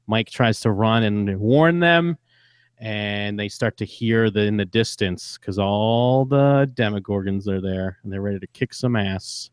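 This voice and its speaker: A man's voice: on the low side, measured pace, clean tone, no echo, clean studio sound. A man co-hosting a podcast, retelling events in a loose casual chat full of fillers. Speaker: podcast co-host.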